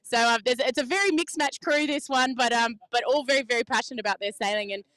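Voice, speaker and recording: A high-pitched woman hosts a lively dock walk, bouncing from crew to crew with playful questions and frequent laughter. Her voice sits close and dry on the mic despite the open marina around her. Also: fast, dry recording. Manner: bubbly, laughs often, playful. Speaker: sailing reporter, host. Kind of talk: casual on-the-spot interviews.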